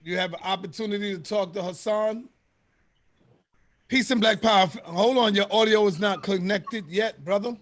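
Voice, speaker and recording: A man hosting a live call-in stream, briskly handling callers and calling them brother. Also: high-pitched. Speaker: host.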